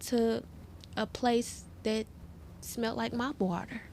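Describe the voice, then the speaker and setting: A woman's voice: fairly high pitch, steady tone, slow pace, darkish tone. A woman sharing her personal story as a guest in an interview, earnest and heartfelt, often turning to speak straight to the listeners.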